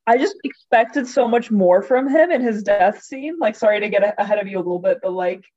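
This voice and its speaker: A woman's voice: mid-range voice, a little fast, darkish tone. Playful woman co-host, slightly muffled. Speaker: podcast co-host. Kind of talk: casual chat.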